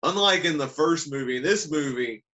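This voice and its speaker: A man's voice: on the high side, animated, moderate pace, bright, forceful tone. A man co-hosting a podcast, enthusiastically recalling his theater experience in casual chat. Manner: enthusiastic, acts out quotes. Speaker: podcast co-host. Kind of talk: casual movie review chat.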